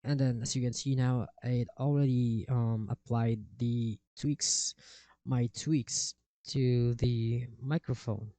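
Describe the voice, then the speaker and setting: Slow, gravelly-voiced man giving a tutorial. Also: mid-range voice, fairly even intonation, warm tone, no echo. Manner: slow, step-by-step instructions. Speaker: tutorial creator. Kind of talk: software tutorial walkthrough. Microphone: cheap desktop microphone.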